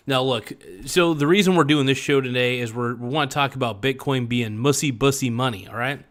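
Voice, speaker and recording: A man hosting a casual livestream, joking and rambling, stretching some words out and breaking into sudden loud bursts. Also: mid-range voice, a little fast. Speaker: livestream host.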